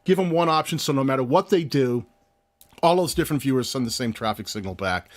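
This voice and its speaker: A man co-hosting a live stream, explaining in a casual, animated way as he clicks through screens. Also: mid-range voice, a little fast. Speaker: co-host of a channel review live stream.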